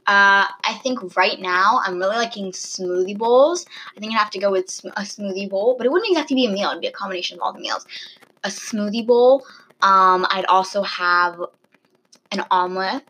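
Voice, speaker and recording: Teen girl, casual rambling chat, bright and breathy. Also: medium pitch, normal speed, rough recording. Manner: giggly, rambling, chewing near the mic. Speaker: friend asking questions.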